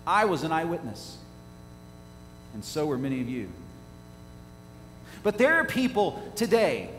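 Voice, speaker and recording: High-voiced preacher in an echoey church. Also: male voice. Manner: rhetorical questions to the congregation, swinging from quiet to loud. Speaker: pastor. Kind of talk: sermon. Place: church sanctuary. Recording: echoey church hall, faint hum.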